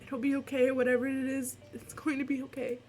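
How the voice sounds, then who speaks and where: A woman reading as a calm, reassuring dad. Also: sits high, a little fast, soft background music, pitched above the performer's own voice, close to an everyday voice. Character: caring middle-aged father, calm and reassuring.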